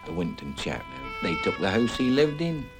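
An older retired fisherman recalls the old days in an unhurried, plain-spoken way. His voice sits a little low, and faint music plays beneath him. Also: sing-song, rough recording. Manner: plain-spoken, keeps saying "you see". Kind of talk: reminiscing interview.

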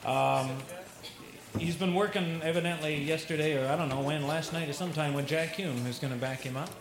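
A man's voice: on the high side, steady tone, brisk. Rambling male emcee in a noisy hall. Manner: rambling, offhand. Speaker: concert emcee. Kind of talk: casual announcements. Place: small live music venue. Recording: echoey hall with loud crowd noise.

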